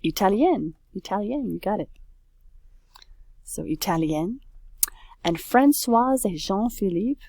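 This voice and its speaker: A woman's voice: medium pitch, expressive, slow, long pauses, mellow, no room sound. A woman French teacher talking casually through a worksheet, correcting herself and saying oops as she goes. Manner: chatty, self-correcting, says oops often.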